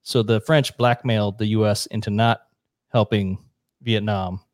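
An American man on a podcast, explaining history in a blunt, profane, brisk storytelling way. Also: on the low side, steady tone, no room sound, studio quality. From United States. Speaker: podcast guest. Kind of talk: casual explanatory chat.

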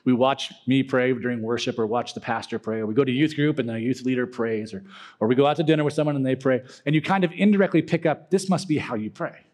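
A man's voice: medium pitch, fairly even intonation, quick pace, a little mellow. A young man giving a casual, joking talk to a youth group, acting out silly prayer voices.

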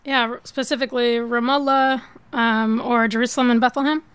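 A woman from the San Francisco Bay Area, a winemaker guest on a radio show, telling her story in a relaxed, measured way. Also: fairly high pitch, clear, resonant tone, no room sound. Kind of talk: radio interview. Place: radio studio.

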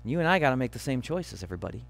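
A male pastor preaching a sermon, earnest and emphatic, slowing down on key phrases. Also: mid-range voice, very animated, creaky, no room sound, soft background music.

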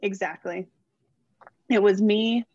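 A young woman athlete being interviewed, chatting warmly and gushing, getting emotional as she talks about her faith. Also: medium pitch, steady tone, slow, lo-fi sound. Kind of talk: casual interview.

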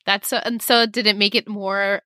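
A woman's voice: medium pitch, flat delivery, moderate pace, pushed and bright. A woman hosting a podcast, talking eagerly and chiming in often with reactions. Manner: eager, interjecting, laughs often. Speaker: podcast host. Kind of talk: casual chat.

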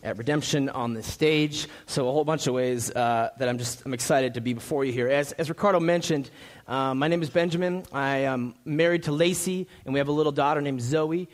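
A young pastor from Minnesota preaching a sermon, friendly and joking, with frequent fillers and restarts. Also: male voice, mid-range voice, brisk.

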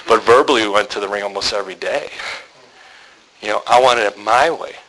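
A man's voice: lowish voice, brisk, bright, forceful tone, low-quality recording. A man speaking to a group of men in a sermon, a candid, joking storyteller who acts out the people he quotes. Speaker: men's ministry speaker.

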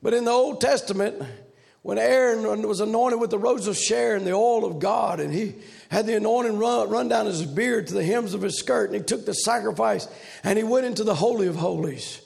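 Here a revival preacher speaks a little fast, his pitch unusually high and his voice thick with gravel. Loud shouted passages roll out in a forceful preaching cadence.

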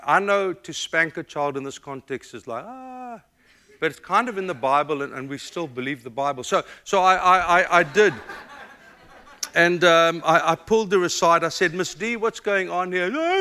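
Middle-aged male pastor from Africa; bright, forceful sermon delivery with big dynamic swings. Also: on the high side, moderate pace. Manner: dynamic preaching, swings from loud emphatic to hushed and tender.

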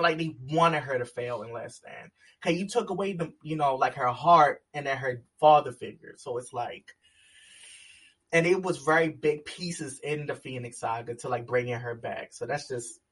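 A man in a relaxed, rambling casual chat with friends. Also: mid-range voice, normal speed, breathy edge, far from the mic.

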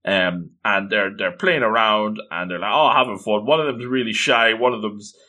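A man's voice: lowish voice, normal speed, pushed and bright. A man giving casual, joking commentary while reading through a manga, with chuckling asides. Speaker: manga reviewer.

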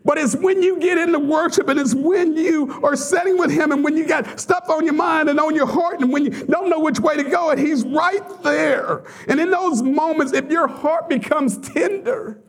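A man preaching a sermon as pastor, telling stories with laughter and sudden high excited outbursts. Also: normal speed, hardly any pauses.

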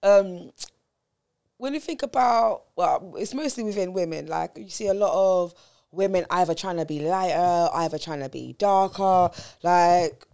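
A woman's voice: fairly low pitch, gravelly, darkish tone, clean tone. A woman on a podcast panel, chatting casually and stumbling over her words. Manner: halting, repeats herself. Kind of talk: casual group chat.

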